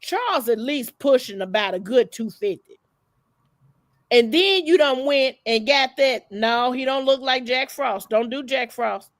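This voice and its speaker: A woman's voice: high-pitched, measured pace, no room sound, studio quality. A woman hosting a livestream, gossiping in a sassy, profane, emphatic way. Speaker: livestream host. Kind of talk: casual gossip commentary.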